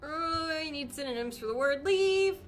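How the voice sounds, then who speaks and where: High, lively, giggly woman streamer. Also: moderate pace. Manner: playful, giggly, teasing reactions. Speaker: livestreamer. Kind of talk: casual livestream chat. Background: faint game music.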